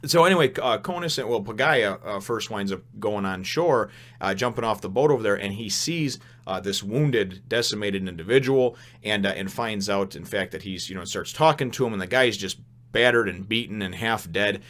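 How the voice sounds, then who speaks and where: Rambling, animated young man reviewing manga. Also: lowish voice, normal speed. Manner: rambling, animated, many fillers and restarts, laughs often. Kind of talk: casual spoken review.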